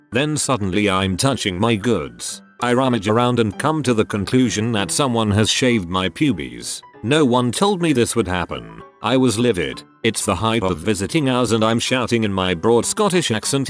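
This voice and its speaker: A male narrator with a lowish voice reads online posts in a scripted, steady storytelling manner. His pitch swings lively from phrase to phrase. Faint music plays under the voice.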